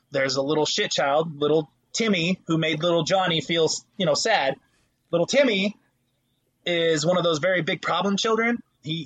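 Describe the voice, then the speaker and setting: A man's voice: on the high side, husky. A young man on a casual podcast, swearing often and acting out quotes while telling stories about substitute teaching. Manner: animated storytelling, swears a lot, acts out voices. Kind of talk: casual chat.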